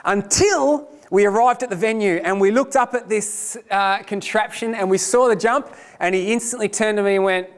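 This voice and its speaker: A man giving a lecture, telling a personal story in an animated, self-deprecating way. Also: high-pitched, normal speed, hardly any pauses.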